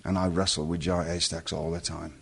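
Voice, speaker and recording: A man's voice: low-pitched, flat delivery, a little fast, creaky, a bit bright, husky. A middle-aged English man telling a long story in a casual interview, rambling and interrupting himself. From England. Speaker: guest.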